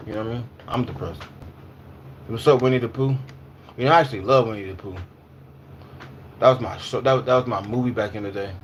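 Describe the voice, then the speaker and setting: On a livestream, a man in his twenties or thirties chats casually at a medium pitch with a bit of background noise. His speech is loose and full of slang, he repeats himself, and he responds to viewer comments along the way.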